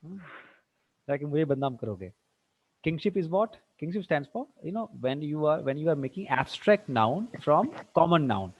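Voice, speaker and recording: A man teaching an online tutorial, firing quick questions at students and slipping into Hindi. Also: a little high, expressive, breathy edge. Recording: dull lo-fi dry sound.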